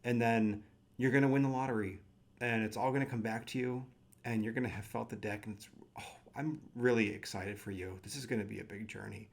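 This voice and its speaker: A man chatting casually in a vlog, animated and gushing, with self-mocking asides. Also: medium pitch, brisk, creaky. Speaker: tarot deck collector.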